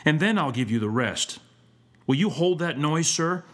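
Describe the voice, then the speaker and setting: A man's voice: medium pitch, expressive, a little slow, a bit bright. A man voicing a cruel, two-faced male schoolmaster in a storybook reading. The schoolmaster blusters and snarls at a boy, and turns oily and sweet when others are near. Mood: snarling.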